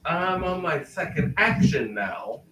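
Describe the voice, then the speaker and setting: Slow-talking player, echoey and distant. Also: mid-range voice, sing-song, over a noisy crowd. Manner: slow, laughs along. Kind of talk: casual tabletop play. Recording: roomy sound, away from mic.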